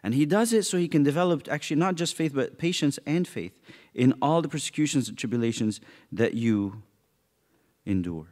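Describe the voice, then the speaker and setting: A man teaching a youth Bible study, animated and joking as he acts out people's reactions. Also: mid-range voice, moderate pace.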